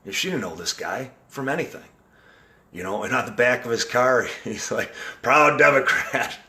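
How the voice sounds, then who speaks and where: A man's voice: mid-range voice, expressive, normal speed, bright, forceful tone. A man hosting a casual live video chat, talking in an earnest, rambling way with frequent restarts. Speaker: live-stream host.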